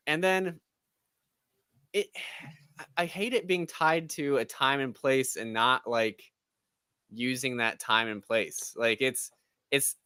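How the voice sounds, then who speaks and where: A man's voice: a little high, a bit bright, clean tone, dry recording, clean studio sound. A man co-hosting a casual spoiler chat, ranting in an exasperated tone and mocking what he dislikes with quoted asides. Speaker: podcast co-host.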